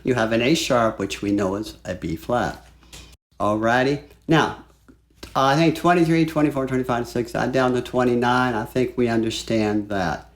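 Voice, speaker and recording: A man teaching flute in a relaxed, chatty way, walking through a piece and singing phrases aloud. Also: medium pitch, normal speed. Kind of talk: music lesson. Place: home studio.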